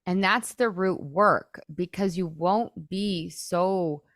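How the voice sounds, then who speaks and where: A woman in her thirties coaching on a podcast, her voice sitting a little low and recorded close and dry with no room sound. she talks casually and fast, scatters "like" everywhere and acts out the thoughts in her own head. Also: fairly bright tone, no room sound. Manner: chatty, peppered with "like", acts out inner thoughts. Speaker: weight loss coach and podcast host.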